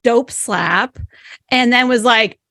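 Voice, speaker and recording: A woman with a fairly high voice chats as a podcast guest. She tells stories and asks questions. Her voice is recorded dry, with no room echo. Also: takes it slowly, fairly bright tone. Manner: chatty, storytelling, asks questions. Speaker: podcast guest, also a podcast host. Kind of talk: casual interview chat.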